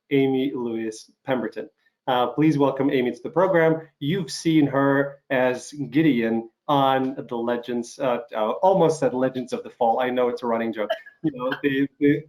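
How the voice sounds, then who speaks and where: A man's voice: mid-range voice, a little mellow. Male host, recovering from illness, chatty and rambling, full of fillers, on a video call. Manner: rambling, lots of fillers and restarts. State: recovering from covid, some coughing. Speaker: podcast host. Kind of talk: casual interview chat.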